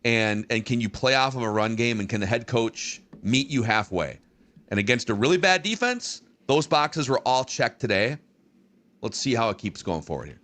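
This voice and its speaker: A man hosting a sports podcast, thinking out loud in a measured way with frequent restarts. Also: mid-range voice, lively intonation. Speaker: podcast host. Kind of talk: sports talk analysis.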